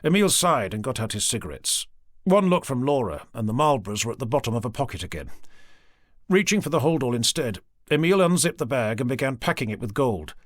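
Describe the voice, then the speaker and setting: Male narrator, measured expressive storytelling, lively pitch, dry close studio mic. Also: dry recording. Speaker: audiobook narrator. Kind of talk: scripted narration. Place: recording studio.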